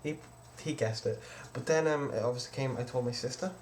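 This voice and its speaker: A teenage vlogger casually tells a personal story from his bedroom, rambling and quoting others with "I was just like." His mid-range voice is a little mellow and brisk. There's slight background noise.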